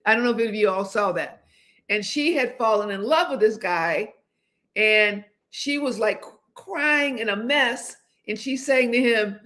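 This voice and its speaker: A woman's voice: a little high, animated, measured pace, a bit bright. A woman in her seventies, hosting a casual livestream chat, rambling along with many restarts and hesitations. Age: 70s. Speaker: host.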